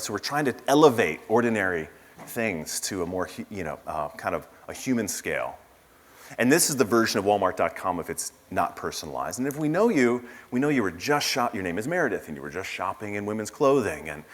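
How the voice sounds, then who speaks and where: A man's voice: low voice, a bit bright. Man giving a casual keynote in a hall. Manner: casual storytelling with asides and fillers. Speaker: conference speaker. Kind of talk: conference keynote talk. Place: large conference hall. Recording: reverberant conference hall.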